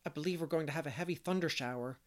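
A man's voice: fairly high pitch, very fast, close to an everyday voice. A man doing an anxious, eager young girl. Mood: dismayed.

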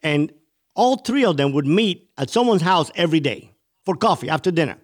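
A man's voice: fairly high pitch, expressive, a little fast. A man from Cuba telling his life story as an interview guest, intense and vivid.

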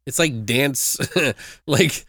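A man's voice: medium pitch, drawn-out words, bright, forceful tone, dry recording, studio quality. A man co-hosting a podcast in casual chat, joking, swearing freely and laughing often. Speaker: podcast co-host.

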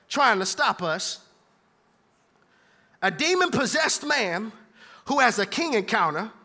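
A man's voice: very high voice, sharp tone, long reverb tail. A man preaching a sermon, reading scripture and riffing on it in casual slang. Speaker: pastor.

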